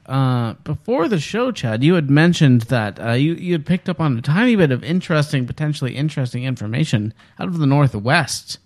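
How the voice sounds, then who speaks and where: A man's voice: a little high, lively intonation, moderate pace, few pauses. A man co-hosting a comedic talk show, reading out a local news story with playful announcer flair and laughing asides.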